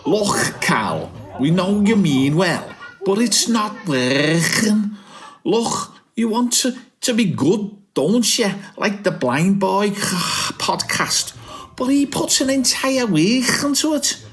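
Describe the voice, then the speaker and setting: A man putting on a blunt, mocking mate's higher voice. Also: very animated, slow, fairly bright tone, exaggerated voice. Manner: teasing, bossy, talks down. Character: blunt mocking middle-aged male mate.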